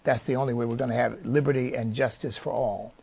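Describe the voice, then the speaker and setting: Gravelly-voiced man making an earnest appeal. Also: medium pitch, fairly even intonation, quick pace, a little mellow, slight background noise. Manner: earnest, preacher-like emphasis with frequent fillers. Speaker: leader of a conservative organization. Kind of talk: speech appealing for support.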